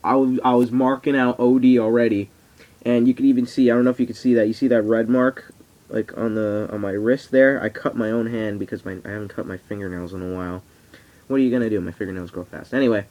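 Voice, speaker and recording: A teenage boy rambles excitably in a casual home vlog, swearing freely as he talks. His voice sits at an ordinary pitch for a young man. The recording sounds a little dull and lo-fi. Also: quick pace. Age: teens. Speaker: vlogger. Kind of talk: casual wrestling reaction vlog. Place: at home on camera.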